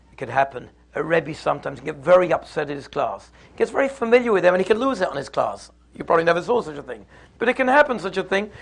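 A man teaching a Torah class, lively and conversational, who acts out little scenes in voices. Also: high voice, creaky. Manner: animated, acts out the quarrel in put-on voices.

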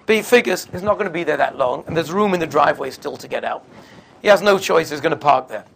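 A man with a gravelly, somewhat high voice tells stories in a sermon. His delivery is conversational and unhurried. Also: expressive, a little hiss or hum. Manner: conversational, sprinkles in Yiddish and Hebrew terms. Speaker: religious speaker. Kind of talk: storytelling sermon.

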